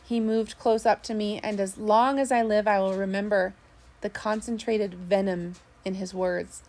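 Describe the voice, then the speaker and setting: A woman narrating a first-person sea story, steady with small slips. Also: mid-range voice, normal speed. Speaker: audiobook narrator.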